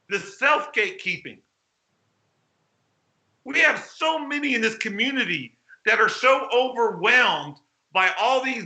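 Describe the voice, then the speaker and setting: A man giving an animated, blunt conference keynote, exclaiming and acting out quotes with mild swearing. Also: high-pitched. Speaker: keynote speaker at a hacking conference. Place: conference hall. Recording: roomy hall echo.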